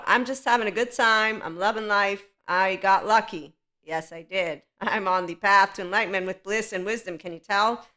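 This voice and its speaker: A woman with a bright, forward tone hosts a solo spiritual self-help podcast. She speaks frankly and with strong opinions, and often breaks into laughter between thoughts. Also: mid-range voice. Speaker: podcast host.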